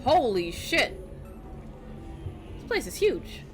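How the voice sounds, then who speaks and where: A woman's voice: fairly high pitch, sing-song, slow pace, faint music behind. A woman streaming a game, chatting casually and rambling with lots of fillers. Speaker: let's play streamer. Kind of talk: casual gameplay commentary.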